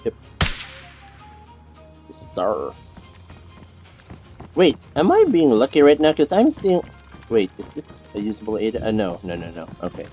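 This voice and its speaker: A man's voice: fairly low pitch, wildly swooping pitch, unhurried, pauses often, dark tone, husky, soft background music. A young man streaming a game, chatting casually with teammates, rambling and repeating himself with lots of fillers and restarts. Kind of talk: casual gameplay chat with teammates.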